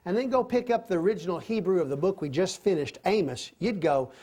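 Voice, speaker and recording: A man's voice: high voice, a little mellow. A man teaching a Bible lesson to a class in a conversational way, often putting questions to his listeners. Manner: conversational, asks the class questions, acts out quoted voices. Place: classroom with a board.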